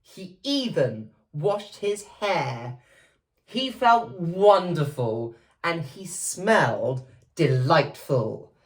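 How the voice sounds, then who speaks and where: A woman reading a children's picture book aloud, expressive and playful. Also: low-pitched, very slow, far from the mic. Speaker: storyteller.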